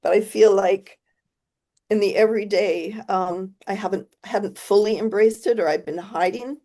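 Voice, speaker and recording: Woman, video-call guest presenter; soft, reflective, halting delivery, mid-range voice. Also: medium pitch. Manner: soft-spoken, reflective, trailing off and restarting. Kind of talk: casual video call chat.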